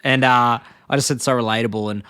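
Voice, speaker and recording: A man's voice: medium pitch, fairly even intonation, fast, sharp tone, smooth, no room sound. A man co-hosting a casual podcast chat. He retells scenes and acts out the lines in a raised voice. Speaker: podcast co-host.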